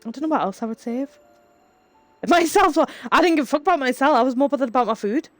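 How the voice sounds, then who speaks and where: A woman's voice: high voice, expressive, quick pace, no echo, faint music behind. A woman, chatting casually with her live chat, laughing often and telling rambling stories. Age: 30s. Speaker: streamer.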